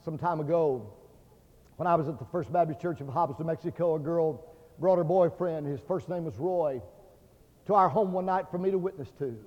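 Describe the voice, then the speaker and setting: A Baptist pastor preaching a fervent sermon, swinging between loud declarations and hushed tones. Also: male voice, a little high, normal speed. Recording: dull lo-fi sermon recording with long hall reverb.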